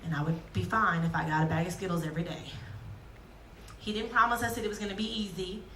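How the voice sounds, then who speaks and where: A woman giving a lively, joking sermon to young people, acting out quotes as she goes. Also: on the low side, quick pace, recorded from a distance, a little hiss or hum. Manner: lively, jokey, acts out quotes. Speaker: youth speaker. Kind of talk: youth sermon. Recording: echoey hall, speaker off-mic.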